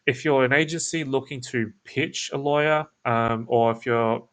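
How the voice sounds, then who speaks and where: A man with an Australian accent explaining a cold call script in a casual teaching talk, his voice creaky and croaky, kept laid-back and toned down. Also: moderate pace, fairly bright tone. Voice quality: creaky, croaky low delivery. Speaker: agency owner teaching cold calling. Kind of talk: casual instructional talk with demo lines.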